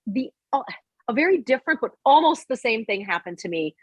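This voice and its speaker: A woman hosting a casual conversation, telling stories in an animated way and laughing often. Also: a little high, fairly quick, slightly rough, no echo. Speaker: host.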